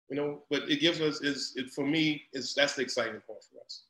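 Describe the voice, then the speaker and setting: A middle-aged man talks in a fairly high voice, repeating words as he builds up steam. His story grows louder and more animated as it goes. The room around him rings with a roomy echo. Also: a little fast. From Louisiana. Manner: animated, repeats himself, rising into loud storytelling. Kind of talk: casual conversation.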